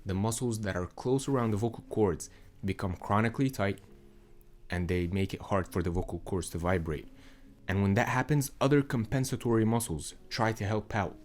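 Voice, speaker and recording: A young adult man, a voice coach, explaining in a calm, measured teaching manner. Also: lowish voice. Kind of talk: instructional explainer.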